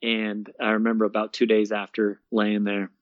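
A young man, a guest, casually telling his story in an interview, animated and laughing often, peppering his talk with "man" and "bro.". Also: fairly low pitch, normal speed, dry recording. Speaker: guest, fitness coach and speaker. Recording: dull, dry lo-fi sound.

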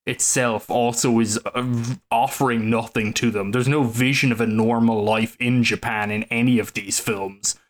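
A man's voice: mid-range voice, steady tone, moderate pace, hardly any pauses. A man co-hosting a film podcast, talking in a thoughtful, rambling way with many fillers. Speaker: podcast co-host. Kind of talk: casual film discussion.

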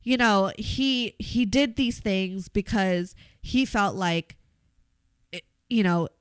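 A woman's voice: medium pitch, slow, clear, resonant tone, no room sound. A young woman talking candidly in a casual chat, blunt and full of profanity, breaking into laughter often. Her voice sits in a middle range and sounds dry and close, with no room around it.

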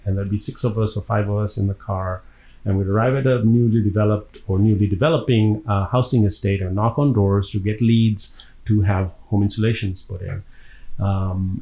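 A man from Tanzania, an actor being interviewed, telling long, lively stories with a laugh between them. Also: lowish voice, low-quality recording. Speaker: actor guest. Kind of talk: casual interview storytelling.

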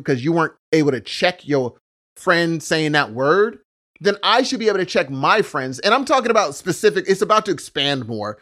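A man in casual conversation, talking in an animated way and acting out the voices he quotes. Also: on the high side, brisk.

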